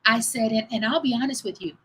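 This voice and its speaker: A woman in her fifties tells a story on her livestream in a lively, talkative way and keeps turning to her viewers. Her voice is bright and sits a little high, with faint noise in the background. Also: fast, poor audio. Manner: animated, chatty, addresses viewers as y'all. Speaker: fitness trainer and livestream host.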